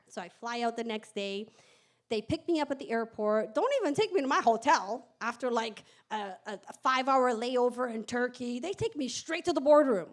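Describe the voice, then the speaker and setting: Woman, high voice, candid startup founder doing an animated, swear-laden live storytelling talk. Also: normal speed. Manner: animated, candid, swears and laughs while telling. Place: event stage before an audience.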